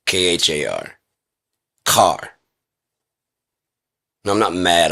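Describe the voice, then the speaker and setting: A man's voice: low-pitched, big pitch swings, slow pace, vocal fry, long pauses, sharp tone. A man talking casually and profanely on his own indoors, rambling through a rant in a lecturing way. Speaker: vlogger. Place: indoor room with a heater.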